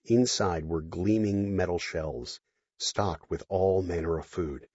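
A man narrating an audiobook in an expressive storytelling manner. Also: deep voice, takes it slowly, breathy edge, no room sound. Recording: dry, dull lo-fi audio.

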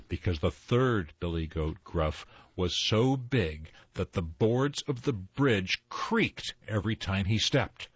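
An older man reading children's stories aloud in a slow, expressive storytelling manner. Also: sits low, slightly rough, no room sound. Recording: slightly dull dry recording.

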